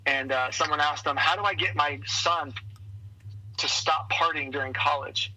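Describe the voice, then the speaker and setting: A man being interviewed on a podcast as a leadership coach, telling lively stories and acting out the voices of the people in them. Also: a little high, moderate pace, husky, rough recording. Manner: energetic storyteller who acts out quoted voices. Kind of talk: conversational interview.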